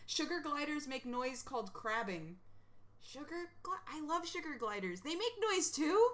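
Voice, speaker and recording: Giggly bright-voiced woman streamer. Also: high-pitched, moderate pace, a little hiss or hum. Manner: giggly, excitable, rambling. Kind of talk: casual reaction stream.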